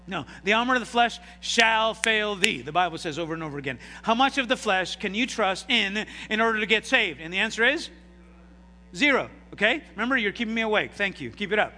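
A man preaching a sermon, calling out to the congregation for responses and swinging sharply between loud and quiet delivery. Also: high-pitched, expressive, brisk, in a large hall. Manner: call-and-response preaching, dramatic swings in loudness. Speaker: pastor.

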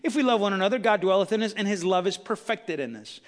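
High-voiced fervent preacher man in a reverberant hall. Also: lively intonation, fast talker. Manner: fervent preaching, swings from quiet asides to shouted emphasis; frequent "watch this" and "the Bible says" refrains. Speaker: pastor. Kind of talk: sermon.

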